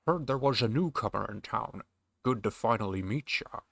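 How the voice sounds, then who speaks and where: A man voicing a gruff old male sailor-fisherman, drawling slowly and slurring his S sounds into SH. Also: mid-range voice, animated, a bit bright, no echo. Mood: hearty.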